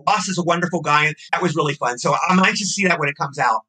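A man with a high, very bright, slightly husky voice talks fast on a podcast. He rambles, gushes and repeats himself in loose casual chat. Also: expressive, rough recording. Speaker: podcast guest, actor.

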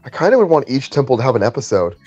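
A man co-hosting a casual podcast chat, jokey and quick to laugh. His pitch swoops all over. His mic sounds dull and dry. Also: no echo. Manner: animated, jokey, laughs often. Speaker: podcast co-host.

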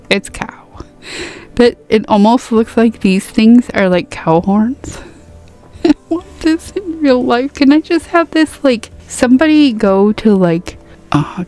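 A woman giving a casual game review, gasping and squealing excitedly over cute items. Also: medium pitch. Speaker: gaming YouTuber.

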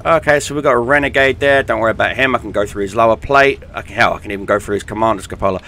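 Chatty young British gamer. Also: male voice, lowish voice, rapid-fire, creaky, pushed and bright, a little hiss or hum. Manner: chatty, joking, many fillers. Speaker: gaming YouTuber. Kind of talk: casual gameplay commentary.

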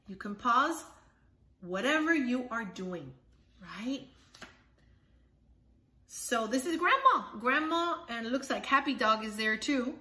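A woman's voice: on the high side, lively intonation, slow pace, long pauses, bright, forceful tone. A woman presenting a children's book, explaining each picture and checking in with a frequent "right?". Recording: echoey room.

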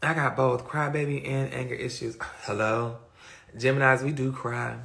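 A man's voice: mid-range voice, flat delivery, moderate pace, creaky, pushed and bright. A man chatting casually on a phone livestream, answering viewer comments in a rambling, profane and emphatic way.

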